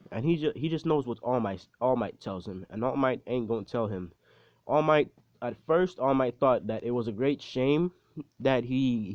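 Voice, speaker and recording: A young man rambles through a storytime retelling, swearing freely and slipping in self-deprecating asides. His pitch sits in the middle range. The recording is dull and completely dry. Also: darkish tone, dry recording.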